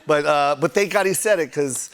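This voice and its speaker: A man, a guest comedian, telling animated stories on a TV talk show and acting out the voices of people in them. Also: a little high, moderate pace, smooth. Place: TV studio with live audience.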